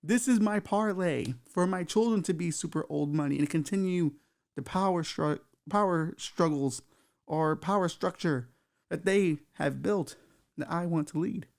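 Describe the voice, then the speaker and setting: Gravelly-voiced man riffing on a podcast. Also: a little high, unhurried. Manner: loose, profane, riffing with asides. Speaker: podcast host. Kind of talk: comedic monologue.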